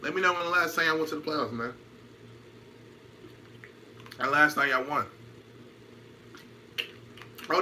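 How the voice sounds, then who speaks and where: A man's voice: on the high side, lively intonation, moderate pace, long pauses, pushed and bright, slight background noise. A man in casual chat on a stream, trash-talking, laughing and repeating himself while answering comments.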